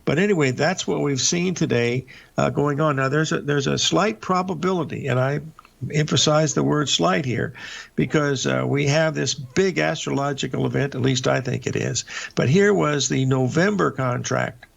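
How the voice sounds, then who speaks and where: Older man, deep gravelly fry, rambling folksy market commentary, lots of uhs, dull lo-fi audio. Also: moderate pace. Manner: rambling, folksy, many filler uhs and restarts. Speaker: market show host. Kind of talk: live market commentary over charts.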